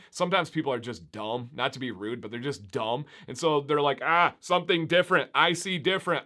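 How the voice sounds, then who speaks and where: Upbeat chatty man, slightly high voice. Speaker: beard YouTuber. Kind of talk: casual vlog talk to camera.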